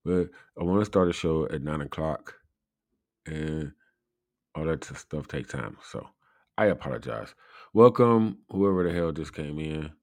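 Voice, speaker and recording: A man with a very deep voice hosts a laid-back live show, drifting from point to point at an unhurried pace. He laughs often and fills his talk with little asides. The sound is close and dry. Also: animated, a little mellow, no echo. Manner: rambling, laughs often, many fillers. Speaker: show host. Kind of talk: casual live-show chat.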